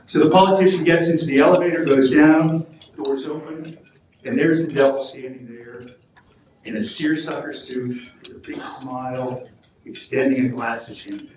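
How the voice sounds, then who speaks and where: A man's voice: medium pitch, moderate pace, darkish tone, a little hiss or hum. A middle-aged man from Alaska giving an earnest public speech at a political event, telling a joke before making his case. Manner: earnest, storytelling, emphatic. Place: hotel function room. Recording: echoey hotel hall, mic from far off.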